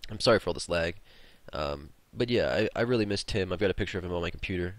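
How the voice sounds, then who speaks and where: A man with a deep, low voice talks through a gaming session, rambling through a personal story in a loose, casual way and swearing freely. The sound is close and dry, with no room around it. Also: lively intonation, fast, no room sound. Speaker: gaming video host. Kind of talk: casual storytelling over gameplay.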